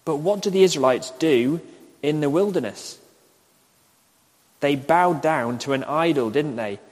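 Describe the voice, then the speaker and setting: Measured preacher in a reverberant hall. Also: male voice, a little high, a little mellow. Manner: measured, repeats questions slowly. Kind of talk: recorded online sermon. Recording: echoey hall with long reverb.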